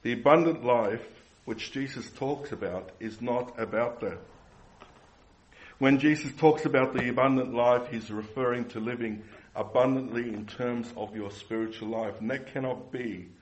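A man's voice: mid-range voice, a little slow, rough recording. A man preaching a sermon earnestly, repeating phrases and asking the congregation rhetorical questions.

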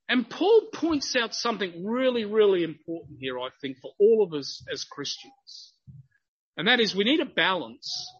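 A male preacher with a high, bright voice and a slightly husky edge delivers an earnest sermon. He builds to emphatic stretches as he explains his text. The recording sounds a little dull and lo-fi. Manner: earnest, grows emphatic when quoting.

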